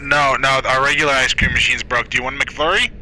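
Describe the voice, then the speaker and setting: A man voicing a bored fast-food drive-thru worker, his voice muffled by a hand cupped over the mic. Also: mid-range voice, fairly even intonation, bright, forceful tone, a little hiss or hum. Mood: dismissive. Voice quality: tinny speaker-box sound.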